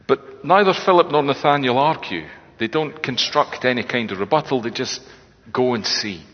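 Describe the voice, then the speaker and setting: A man preaching a sermon in a reflective, conversational way, often quoting lines in a hushed voice. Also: medium pitch, animated, normal speed. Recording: echoey hall, dull lo-fi sound.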